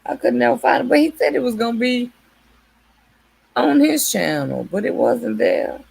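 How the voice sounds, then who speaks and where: Husky, gravelly woman chatting on a livestream. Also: a little high, very animated, moderate pace. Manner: chatty, laughs often, greets viewers warmly by name. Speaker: livestream host. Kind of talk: casual livestream chat with viewers.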